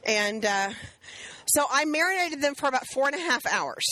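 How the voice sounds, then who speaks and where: A woman's voice: sits high, lively intonation, moderate pace, bright, forceful tone, no room sound, low-quality recording. A middle-aged woman chatting casually as she demonstrates a recipe and explains each step to viewers. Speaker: cooking host.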